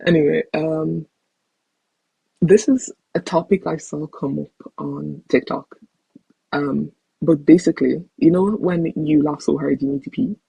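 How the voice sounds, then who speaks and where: A woman's voice: low-pitched, a little slow, vocal fry, warm tone, husky, no room sound, poor audio. A woman co-hosting a podcast in casual chat over a remote call, bringing up topics and reading out comments. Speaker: podcast co-host.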